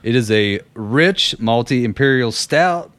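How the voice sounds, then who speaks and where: A young man co-hosting a casual podcast, spinning a loose, profane anecdote with plenty of laughs. His voice sits at an ordinary pitch. The sound is dry and close, with no room around it. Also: lively intonation, a little slow, a bit bright, no room sound. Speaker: podcast co-host. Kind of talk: casual storytelling chat.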